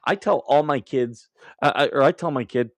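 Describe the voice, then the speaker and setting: Male streamer host, blunt and foul-mouthed, mid pitch, dry close sound. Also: normal speed, dry recording. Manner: blunt, profane and combative; laughs at his own remarks. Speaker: livestream host. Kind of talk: casual live commentary.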